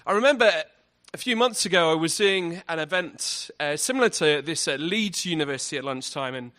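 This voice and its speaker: A man's voice: fairly high pitch, expressive, fairly quick, sharp tone. A man giving an evangelistic talk at a university event, earnest and full of rhetorical questions. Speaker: guest speaker.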